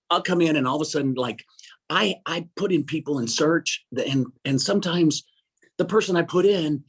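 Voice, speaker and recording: An older man speaks as an interview guest. His voice is husky and a bit breathy. He tells his story in a halting, rambling way, often breaking into laughter. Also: high-pitched. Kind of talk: emotional personal storytelling.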